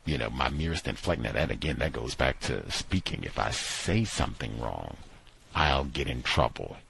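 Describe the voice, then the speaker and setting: A man with an extremely low, breathy, husky voice talks his way through a book in a loose, conversational style. He thinks out loud, stops to find his place, and moves between reading passages and commenting on them. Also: big pitch swings, no room sound. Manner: thinking aloud, pausing with "uh, let's see". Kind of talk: casual book discussion with read-aloud passages.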